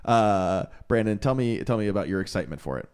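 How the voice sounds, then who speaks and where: Male podcast co-host, fairly low voice, jokey and quick to laugh. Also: expressive, a little mellow, clear, resonant tone. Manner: joking, quick to laugh, reacts with short interjections. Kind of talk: casual chat.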